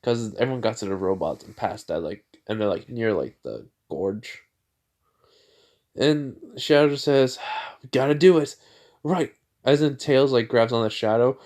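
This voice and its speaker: A man casually retells a fan-made story, rambling and stacking up filler words as he goes. His pitch sits in the ordinary middle range for a man. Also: normal speed, a little mellow.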